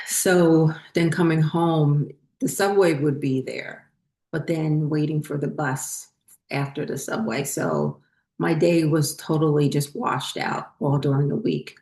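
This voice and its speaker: A woman's voice: deep voice, fairly even intonation, takes it slowly, a little mellow, reverberant. A woman host telling a personal story in a casual, rambling way, full of fillers and restarts. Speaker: spiritual channel host.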